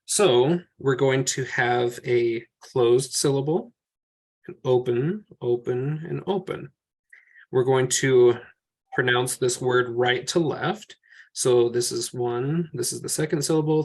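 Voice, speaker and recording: A man's voice: mid-range voice, slow pace. Man, teacher, mid-range voice, patient, step-by-step, thinking aloud. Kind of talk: classroom teaching over slides.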